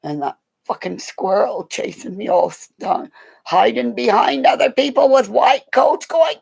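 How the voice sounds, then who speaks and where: A woman's voice: a little high, a little slow, creaky, breathy edge, poor audio. A middle-aged woman chatting on a livestream, telling rambling stories about animals with lots of laughter and swearing. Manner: excitable, laughing, swearing, jumping between stories. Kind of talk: casual storytelling on a livestream.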